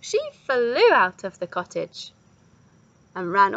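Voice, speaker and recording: Woman reading a kids story, bright gravelly voice, very lively. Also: on the high side, slow, no echo, dull audio. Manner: animated, expressive.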